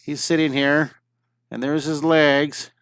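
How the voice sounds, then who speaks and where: A man's voice: fairly high pitch, flat delivery, takes it slowly, fairly bright tone, smooth, no room sound. Middle-aged male art teacher, live stream, enthusiastic step-by-step patter, clean resonant voice. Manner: chatty and enthusiastic, narrating each step as he draws. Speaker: drawing teacher. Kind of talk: live-streamed drawing lesson.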